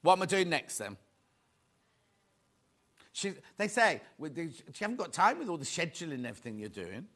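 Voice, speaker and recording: Male shopping-channel host, slightly high, very lively pitch; chatty, rambling, excitable. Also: brisk, long pauses. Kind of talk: live selling chat.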